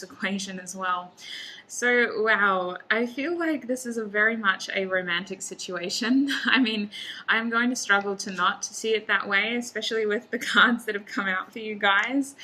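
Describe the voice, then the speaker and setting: Bright-voiced woman reading tarot cards. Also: medium pitch, low-quality recording. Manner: chatty, laughing often, talking to the viewer. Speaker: tarot reader. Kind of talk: solo pick-a-card tarot reading.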